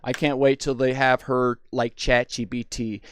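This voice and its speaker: A man giving rambling, excitable commentary while playing a horror game. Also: medium pitch, unhurried, clean tone. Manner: rambling, excitable, full of restarts. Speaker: gaming video host. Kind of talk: casual gameplay commentary.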